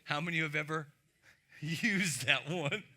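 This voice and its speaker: A man preaching a sermon in an animated, playful way, often asking the congregation questions. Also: a little high, slow pace. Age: young adult to middle-aged. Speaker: pastor. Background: music.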